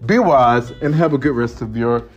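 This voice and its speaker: A man's voice: mid-range voice, moderate pace, highs cut off. A man from the United States hosting a motivational podcast monologue, emphatic and repetitive, over faint background music. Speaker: podcast host.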